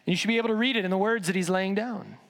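A man preaching a sermon in a church, emphatic, dropping low and slow on key words. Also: a bit bright, a little hiss or hum. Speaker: pastor. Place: large church sanctuary. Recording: long reverb in a church hall.

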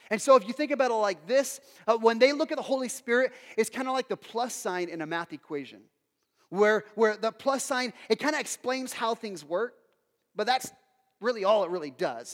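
Man, pastor, sermon, animated storytelling, reverberant church hall. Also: very high voice. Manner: animated storytelling with acted quotes.

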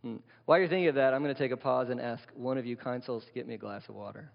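A man's voice: mid-range voice, racing, gravelly. Conversational male pastor preaching in a hall. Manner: conversational preaching, poses questions to the congregation. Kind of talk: sermon. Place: church sanctuary. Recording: long hall reverb, dull lo-fi sound.

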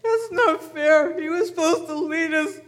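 A woman's voice: a little high, unhurried, a little mellow, big-room sound, close to an everyday voice. A woman acting as a humble shepherd who tells children an earnest first-person story in church. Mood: grieving. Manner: earnest, tearful in grief. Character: humble shepherd telling his Easter story. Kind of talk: first-person dramatic monologue. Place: church sanctuary.

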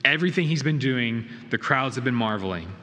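This preacher has a mid-range voice with lively intonation, a brisk pace, and a pushed, bright quality. He gives an earnest, emphatic sermon in a church sanctuary, asking rhetorical questions, and the recording has hall reverb with faint noise.

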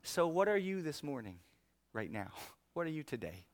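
Animated male pastor, close and dry. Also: on the high side, moderate pace, dry recording. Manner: animated, conversational, frequent chuckles. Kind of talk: sermon. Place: church.

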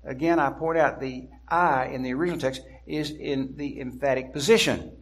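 A man preaching an expository sermon, deliberate and emphatic, slowing down to stress key words. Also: medium pitch, steady tone.

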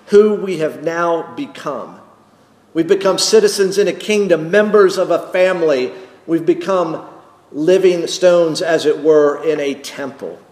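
A male pastor preaching a sermon slowly and emphatically, repeating key phrases for weight. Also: a little high, darkish tone. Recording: echoey hall with long reverb.

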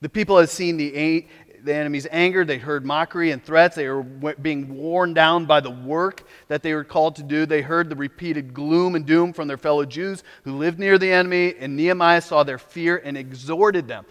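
Male pastor, high voice, dramatic sermon delivery, hushed to loud; reverberant hall. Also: moderate pace. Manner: dramatic swings between hushed and loud, exhorting.

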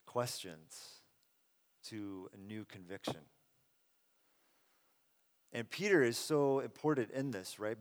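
A middle-aged man, a pastor, giving a conversational, earnest sermon that swells loud and drops soft. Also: on the low side. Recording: long reverb of a large hall.

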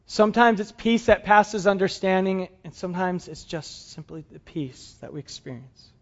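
A pastor preaching a sermon to his congregation, moving between soft, quiet lines and emphatic, raised passages. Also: high voice, moderate pace, highs cut off. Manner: dramatic shifts between soft and emphatic delivery.

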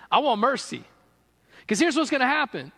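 A man's voice: extremely high pitch, moderate pace. A man preaching a sermon as pastor to a gathered room, telling stories with laughs and playful asides. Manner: animated storytelling with laughs and asides. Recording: long reverb of a large hall.

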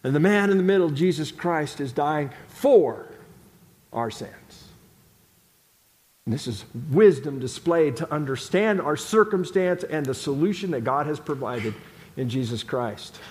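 A man's voice: fairly high pitch, animated, a little slow. A male pastor delivering an emphatic sermon in a church sanctuary, repeating phrases for stress. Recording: long hall reverb.

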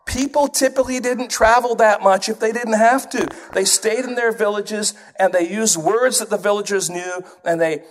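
A man who grew up in England, preaching a sermon in an animated way and putting on accents to illustrate his points. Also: high voice.

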